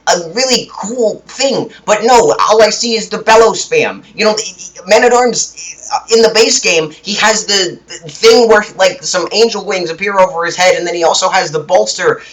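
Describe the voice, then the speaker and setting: A young man rants with mock indignation and keeps restarting his sentences, his voice a little higher than most men's. His delivery rambles in an unscripted, casual way. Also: normal speed, fairly bright tone, low-quality recording. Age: young adult. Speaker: gaming video creator. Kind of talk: ranting commentary.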